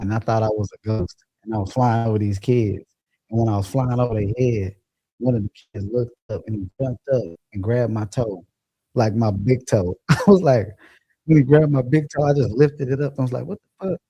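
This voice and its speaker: A man's voice: mid-range voice, steady tone, moderate pace, dark tone, husky, no room sound, rough recording. A man hosting a casual livestream, chatting loosely and profanely and laughing as he reads viewer comments. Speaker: livestream host. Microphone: phone or computer mic.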